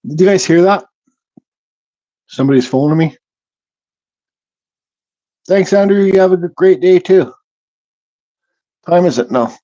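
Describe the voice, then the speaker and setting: A man's voice: sits high, measured pace, long pauses, muffled recording. A man hosting a casual livestream, chatting easily and reading out viewers' comments while he works in his home workshop. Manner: relaxed, reads chat comments aloud, mumbles. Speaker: livestream host.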